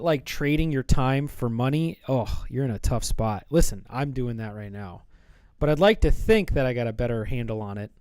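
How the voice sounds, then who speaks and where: A man's voice: mid-range voice, a little mellow, clean tone, no room sound. Rambling man streaming while he draws. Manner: rambling, playful, thinks aloud. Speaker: live-streaming artist. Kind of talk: casual live-stream chat while drawing.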